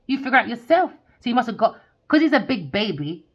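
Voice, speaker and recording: A woman's voice: on the high side, very animated, brisk, highs cut off. A woman, a tarot reader delivering a heated, sweary rant as an angry monologue.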